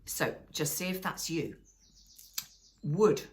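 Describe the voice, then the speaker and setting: A middle-aged woman, teaching a wellness lesson in a chatty, animated way and often checking in with listeners. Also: low-pitched, takes it slowly. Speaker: wellness coach. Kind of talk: casual teaching talk.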